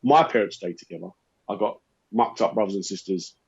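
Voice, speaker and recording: A man co-hosting a casual chat show, telling comedy-club stories with lively animated delivery. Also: on the low side, brisk, breathy edge, dull audio. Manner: animated anecdote telling, acting out exchanges. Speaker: co-host and comedian.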